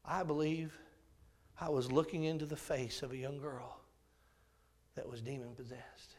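A man preaching a sermon, telling a story dramatically and swinging from loud bursts to hushed tones. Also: medium pitch, steady tone, unhurried, a little hiss or hum.

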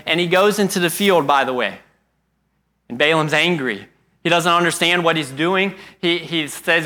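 Forceful, storytelling preacher man. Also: a little high, normal speed. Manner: storytelling with repetition, earnest. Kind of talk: sermon.

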